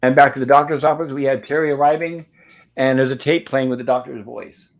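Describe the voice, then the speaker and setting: A man at a mid-range pitch hosts a live panel movie review. He retells the film step by step, reading lines aloud as the scenes play. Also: steady tone, fairly quick, vocal fry, muffled recording. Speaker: host.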